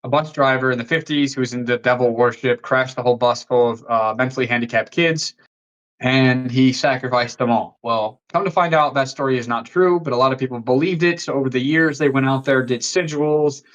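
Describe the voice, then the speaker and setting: A man's voice: medium pitch, fairly quick, a bit bright, lo-fi sound. A young man from the American Midwest telling a long story on a podcast, rambling and swearing freely with many "likes". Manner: profane and rambling, heavy use of "like". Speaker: podcast guest, fitness coach. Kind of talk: casual storytelling in a podcast interview.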